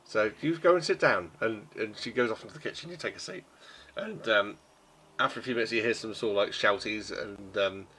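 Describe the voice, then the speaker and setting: A man's voice: lowish voice, brisk, sharp tone, breathy edge. A man narrating as game master and voicing the innkeeper, rambling and full of ums. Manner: rambling, many ums and restarts.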